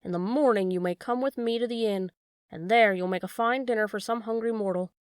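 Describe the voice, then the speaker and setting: A woman's voice: medium pitch, brisk, clean tone, no room sound, studio quality, lightly acted. A woman voicing a hearty country farmer who is pleased with himself, speaking boastfully in a storybook reading. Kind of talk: storybook read-aloud.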